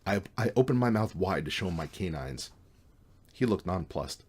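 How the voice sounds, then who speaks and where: A man's voice: deep voice, lively intonation, brisk, a little mellow, slightly rough. A man reading his own novel aloud in a casual, wry way. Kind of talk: audiobook reading.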